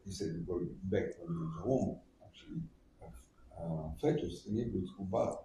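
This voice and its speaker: Deep gravelly man, far off. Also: moderate pace, dark tone. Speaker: class participant. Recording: distant and roomy, faint hiss.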